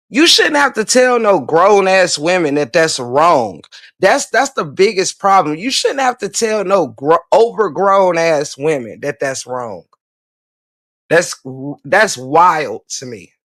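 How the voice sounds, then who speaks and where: A woman's voice: lowish voice, lively intonation, slow, a bit bright, dry recording, studio quality. A woman hosting a livestream, ranting bluntly and profanely while answering viewer comments, repeating her points for emphasis. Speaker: livestream host.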